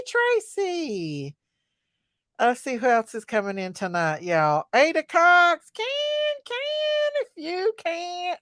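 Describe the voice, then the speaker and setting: A middle-aged woman hosting a casual livestream, talking in a slow, unhurried drawl and calling out viewers by name. Her voice sits a touch high, and the sound is close and dry with no room around it. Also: fairly bright tone, dry recording. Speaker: livestream host.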